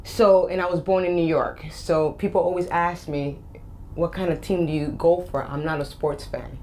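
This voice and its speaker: A Boston woman in her forties with a Boston and Spanish accent appears as a guest life coach in an interview chat, upbeat and emphatic, repeating key phrases. Her voice is fairly low, steady, and a little mellow at a moderate pace, with slight background noise.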